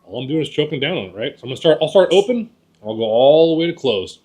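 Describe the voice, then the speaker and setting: A goose calling instructor teaches hunters in a casual, folksy style, repeating words and often checking in with "right?". His voice sits on the high side, with lively intonation and a quick pace. Heavy background noise runs under the clip.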